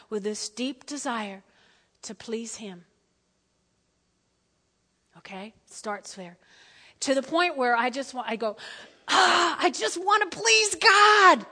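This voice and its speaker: A woman pastor delivers a sermon in a high, bright voice. She talks conversationally and repeats herself, moving between loud emphasis and hushed asides. The sound carries a long hall reverb.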